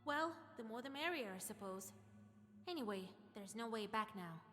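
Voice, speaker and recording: A bossy young heroine with a high, bright voice, played by a man raising his pitch. She speaks briskly, with a long reverb and faint music behind her. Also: animated. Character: bold young woman witch, commanding.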